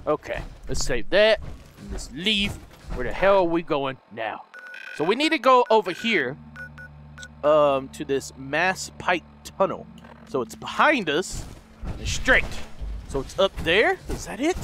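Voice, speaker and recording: A man giving manic let's play commentary, squealing in mock panic and dropping into low gruff mutters. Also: animated, normal speed, fairly bright tone, soft background music. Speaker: gameplay host.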